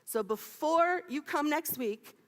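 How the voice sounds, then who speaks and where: A woman's voice: sits high, lively intonation, slow. A woman in her fifties giving a playful sermon, laughing often and chatting with the congregation. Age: 50s. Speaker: minister. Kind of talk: lively sermon. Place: church sanctuary. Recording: long hall reverb.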